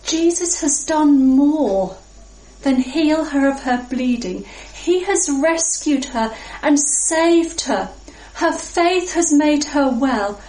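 A woman preaching a sermon in a reflective, measured way with pauses. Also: sits high, lively intonation, darkish tone. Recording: echoey room.

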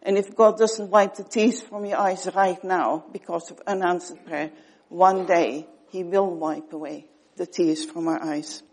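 Woman, preaching, earnest, husky breathy tone. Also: on the low side, steady tone. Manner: earnest, pausing, drops to soft tones for emphasis. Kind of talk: sermon.

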